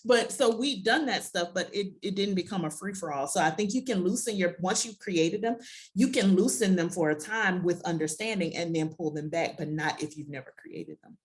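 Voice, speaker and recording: A woman's voice: fairly low pitch, normal speed. A woman in her thirties, a podcast guest, telling parenting stories casually and often acting out quoted voices. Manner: acts out her child and herself in quoted voices, laughs often. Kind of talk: casual conversational storytelling.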